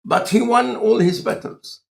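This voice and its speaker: A man with an Egyptian accent and a non-native speaker of English, talking in a relaxed, conversational lecture style with deliberate, halting phrasing. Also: very high-pitched, vocal fry. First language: Arabic. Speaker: scientist in conversation.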